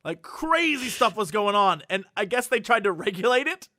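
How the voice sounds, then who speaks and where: A man's voice: high-pitched, normal speed, dry recording, clean studio sound. A man co-hosting a podcast, telling stories in casual chat with frequent laughter. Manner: animated storytelling, laughs often. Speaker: podcast co-host.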